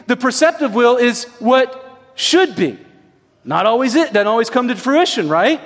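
A man preaching a sermon in a conversational way, often checking in with his listeners through quick tag questions. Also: extremely high pitch. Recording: long reverb of a large hall.

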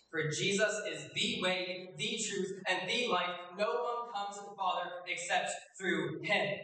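A man preaching a sermon, his voice high and bright. He speaks earnestly and stretches out key phrases for emphasis. He is picked up from a distance in a very echoey church hall. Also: slight background noise.

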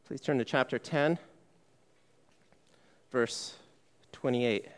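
Slow-paced and clean in tone, a male pastor's mid-range voice carries a conversational sermon. He keeps asking the congregation questions and supplying the answers himself, with frequent "okay" fillers and restarts.

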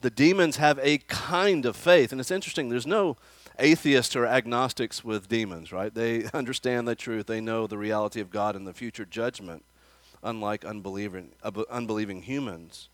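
A man preaches a conversational sermon, now and then putting questions to the children and the congregation. His voice sits at a middle pitch. The sound is dry and close, with little trace of the room. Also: normal speed, no room sound. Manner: acts out quoted voices with rising emphasis. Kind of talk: expository sermon. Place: church.

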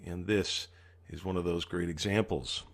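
A man's voice: sits low, steady tone, normal speed. A man preaching a sermon as pastor, earnestly acting out the psalmist's pleas.

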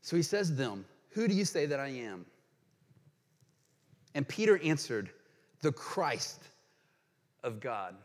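A man preaching a sermon as pastor, earnest and emphatic, reading quotations aloud and pausing to explain them. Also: mid-range voice, very animated. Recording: long hall reverb.

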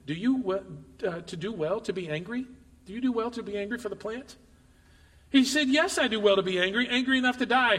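A man preaching a sermon, reading scripture aloud and voicing its speakers with animated emphasis, asking the crowd questions. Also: high-pitched. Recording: long reverb of a large hall.

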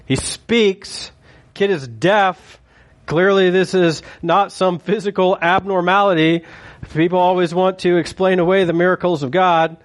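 A man's voice: sits high, fairly even intonation, unhurried. A man preaching a sermon in a conversational, joking way, acting out quotes as he goes. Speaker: pastor.

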